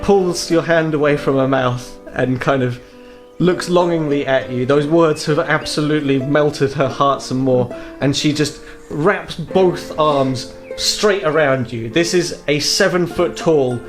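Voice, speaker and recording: Chatty game master, bright higher voice. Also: male voice, unhurried, soft background music. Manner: chatty, rambling, many fillers. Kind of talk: narrating a tabletop game.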